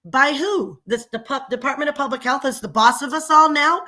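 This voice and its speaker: A woman's voice: sits high, moderate pace, sharp tone. A middle-aged woman delivering an angry, sarcastic rant as a local commentator in a vlog. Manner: indignant, sarcastic, ranting. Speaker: local commentator and small business owner.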